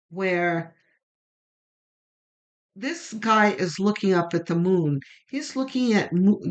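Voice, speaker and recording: Slow, low-voiced woman reading tarot. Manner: chatty, meandering, with many fillers. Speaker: tarot reader. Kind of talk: casual spoken tarot reading.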